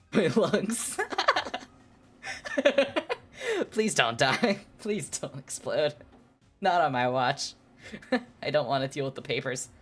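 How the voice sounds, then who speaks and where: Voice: medium pitch, expressive, takes it slowly, pauses often, soft background music. A streamer chatting casually with viewers and reading aloud, laughing often and stumbling over words. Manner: self-deprecating, chats with viewers.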